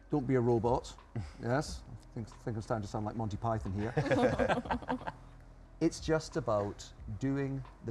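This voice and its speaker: A man's voice: mid-range voice, darkish tone, a little hiss or hum. A man being interviewed as an expert, explaining ideas emphatically and listing his points one by one. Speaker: guest expert. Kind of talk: interview answers.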